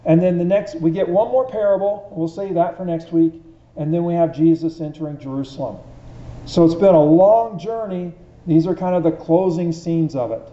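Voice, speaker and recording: A man's voice: on the high side, moderate pace, mellow. A man teaching an informal Bible study in a conversational way, often asking his listeners questions. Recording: dull echoey room recording.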